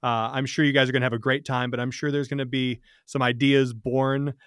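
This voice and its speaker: Male host, mid pitch, rambling and conversational, dry close mic. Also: brisk, clear, resonant tone, no room sound. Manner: rambling, with many fillers and restarts, animated when joking. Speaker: podcast host. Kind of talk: casual interview conversation.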